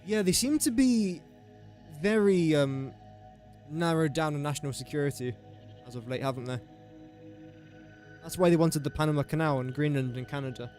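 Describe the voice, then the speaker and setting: A man's voice: on the high side, moderate pace, pauses often, a little mellow, faint music behind. A man chatting on a game live stream, thinking aloud through sums and joking with viewers. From England. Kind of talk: casual live-stream chat.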